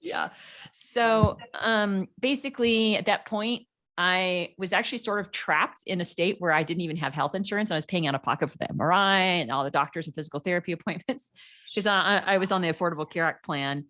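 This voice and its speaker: A woman's voice: fairly low pitch, fairly quick, fairly bright tone. A middle-aged woman, a podcast guest, telling her story in a casual interview and acting out the people she quotes.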